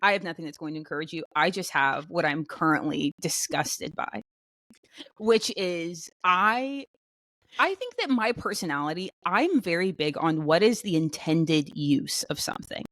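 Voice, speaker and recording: A woman co-hosting a podcast in casual chat, talking in an animated way with many fillers and restarts. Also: on the low side, normal speed, no echo, studio quality. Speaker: podcast co-host.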